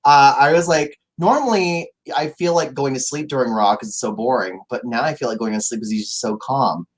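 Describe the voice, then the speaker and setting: A young man co-hosting a casual chat podcast in a campy, theatrical manner, with a mid-pitched voice. He makes crude jokes and swings his voice high and low. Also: brisk. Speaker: podcast co-host.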